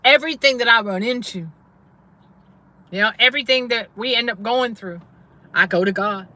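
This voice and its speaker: A faith-based trauma coach in middle age addresses her audience on a casual livestream, testifying and repeating herself for emphasis. Her voice is fairly high, bright and forceful, at a normal speed.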